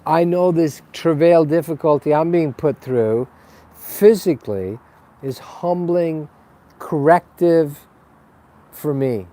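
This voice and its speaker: A man's voice: a little high, slow pace, mellow. A man hosting a spiritual webcast, talking in a rambling, blunt and profane monologue. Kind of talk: casual spoken monologue.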